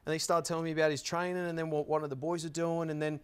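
A man's voice: fairly high pitch, flat delivery, very fast, clear, resonant tone. A man earnestly telling a personal story in a group conversation, rambling with frequent restarts. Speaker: panel guest.

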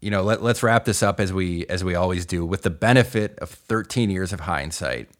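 A man with a deep, low voice co-hosts a film podcast. He talks casually and wryly, joking with his co-host and reading the sign-off. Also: a little fast. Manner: wry, joking, reads the sign-off.

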